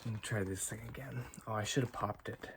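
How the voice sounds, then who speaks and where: An American man chatting casually and softly for an ASMR video, rambling and laughing at himself, recorded on a phone in a home studio. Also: lowish voice, fairly quick, very noisy. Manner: rambling, self-amused, laughs often. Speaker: ASMR creator. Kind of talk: casual ASMR chat with soft whispering. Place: home studio with haze and lights. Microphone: phone on a gimbal.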